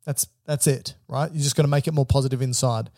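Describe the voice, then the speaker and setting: A man's voice: mid-range voice, steady tone, fast talker, dark tone, no echo, studio quality. A man co-hosting an educational podcast, explaining heart physiology step by step and checking in with the listener. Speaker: podcast co-host.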